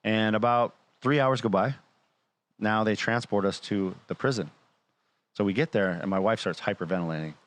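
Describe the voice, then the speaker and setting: A man's voice: lowish voice, moderate pace. A man casually telling a personal story, acting out the dialogue and swearing freely. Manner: animated retelling, acting out quoted dialogue.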